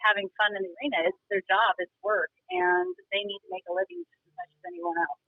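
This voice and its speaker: A woman's voice: medium pitch, quick pace, gravelly, dry recording. A woman from Montana, a guest chatting animatedly on a call while she drives. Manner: animated, talkative storyteller. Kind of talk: casual chat on a call. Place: driving in a car. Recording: dull phone-line audio.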